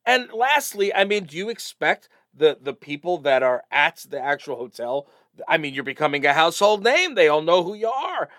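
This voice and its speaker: A middle-aged man with an East Coast American accent co-hosting a podcast, chatting in a rambling, animated way with frequent fillers. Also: a little high, normal speed, no room sound, clean studio sound. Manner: rambling, animated, swears casually. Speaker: podcast co-host. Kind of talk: casual chat.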